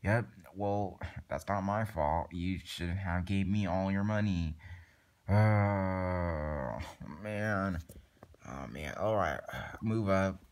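A young man who makes plush toy videos improvises a toy skit, voicing every character himself. His low, darkish voice moves slowly, and he rambles with many fillers and restarts.

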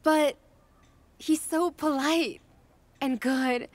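Woman voicing a lovestruck young village girl, high voice, dry close sound. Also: steady tone, drawn-out words, dry recording. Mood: eager. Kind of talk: English dubbed film dialogue.

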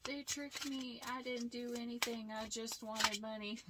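A whiny woman playing the victim speaks high and mock-innocent, as a woman mimics her. There is a soft hiss in the recording. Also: fairly even intonation, a little slow, lightly acted.

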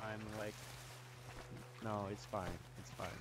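A man's voice: fairly low pitch, flat delivery, slow pace, heavy background noise. A man chatting with a fellow player over game voice chat, making dry, sarcastic jokes. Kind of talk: casual gaming chat over voice chat.

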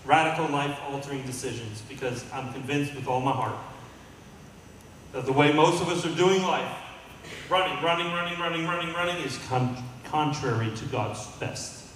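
A man's voice: on the high side, normal speed, fairly bright tone, a little hiss or hum. A male pastor preaching a sermon to his congregation, drawing call-and-response from the room. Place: church sanctuary. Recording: echoey hall, mic at a distance.

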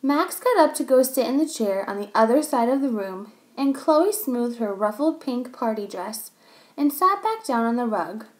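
A woman reading a children's story aloud, pausing to explain things to young listeners. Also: on the high side, lively intonation.

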